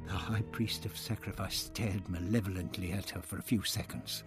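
A man reading a novel aloud in measured scripted narration. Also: low-pitched, steady tone, soft background music. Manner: measured storytelling. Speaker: audiobook narrator.

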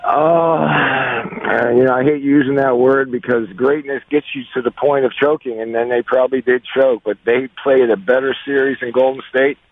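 A man calling in as a guest coach on a sports radio show, answering slowly with many restarts. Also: medium pitch, fairly even intonation, no room sound. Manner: hesitant, many restarts, measured. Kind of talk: sports radio phone interview. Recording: tinny phone line.

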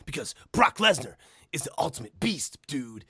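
A man putting on a brash wrestling legend cutting a promo, shouting catchphrases and calling everyone brother. The voice is raised and gravelly, swinging high and low with big energy. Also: very animated, normal speed, no room sound, clean studio sound, heavily acted. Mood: boastful. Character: loud brash veteran male wrestler promo.

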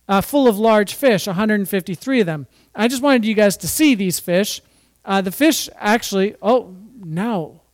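A man's voice: high-pitched, no echo. A man giving an informal Bible teaching, reading scripture with chatty, jokey asides. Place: church or fellowship hall.

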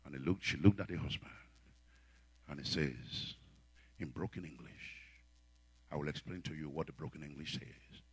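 A man preaching a sermon, swinging between shouted, chanted refrains and low, quiet storytelling. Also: moderate pace, pauses often, husky.

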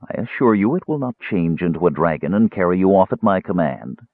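A man reading an audiobook and voicing a cold, sinister, frail young male mage who speaks calmly and grimly. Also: low-pitched, dry recording. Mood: cold, measured. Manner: calm, grim and measured. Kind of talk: audiobook character voice. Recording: tinny phone-like audio.

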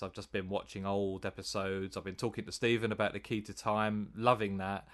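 A man's voice: on the low side, a bit bright. A man co-hosting a casual podcast chat, rambling and hesitant, laughing easily. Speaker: podcast co-host.

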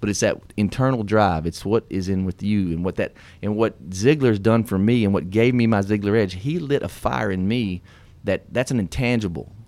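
A middle-aged man hosting a radio show, telling his story in an earnest, animated, folksy way. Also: fairly low pitch, normal speed, few pauses, dry recording. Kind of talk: casual storytelling and motivational talk.

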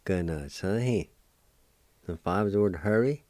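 A man hosting a radio language lesson, spelling out words and repeating each one slowly and patiently. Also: low-pitched, mellow, no echo. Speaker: language teacher and radio host.

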